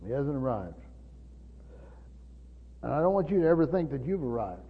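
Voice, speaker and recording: Husky and sing-song, this older man's mid-range voice carries a sermon at moderate speed. He is a pastor teaching earnestly, often restarting and repeating words, and the recording is dull lo-fi with extended church reverb.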